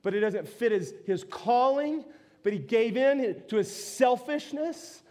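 Very high-voiced animated preacher man. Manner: animated, quick restarts and asides. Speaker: pastor. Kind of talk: sermon.

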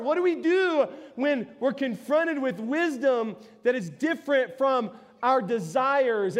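A male pastor preaching a sermon in a lively, conversational way, full of quick restarts and asides. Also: extremely high pitch.

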